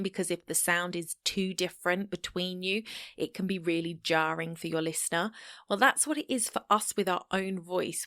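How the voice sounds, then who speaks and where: A woman's voice: fairly low pitch, a bit bright, no room sound, studio quality. A woman hosting a solo podcast, talking straight to the listener in a chatty, encouraging way. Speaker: podcast host. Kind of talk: solo podcast advice talk.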